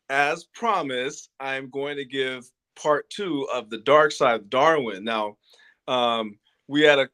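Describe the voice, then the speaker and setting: A man's voice: medium pitch, sharp tone. A man presenting a lecture series in an informal spoken style, earnest and plainspoken. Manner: earnest and plainspoken, insisting on facts.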